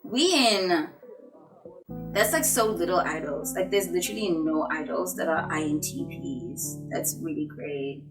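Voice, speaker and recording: A young woman with a deep voice vlogs casually about the results of her personality test, speaking at a measured pace over music. She's playful and dramatic, breaking into sudden loud bursts of excitement, and the audio quality is poor.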